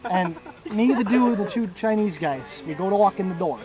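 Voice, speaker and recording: A man's voice: sits high, animated, normal speed, poor audio. A young man telling a crude, rambling story to friends in a casual, profane way, laughing at his own jokes. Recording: music playing loudly behind.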